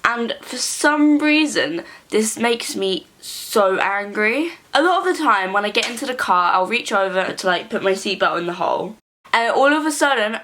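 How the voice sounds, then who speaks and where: A woman's voice: fairly high pitch, a bit bright. A young woman talks to camera in a casual vlog with a sarcastic, dramatic edge. She rants about her own habits and blows small annoyances up into big complaints. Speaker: YouTuber.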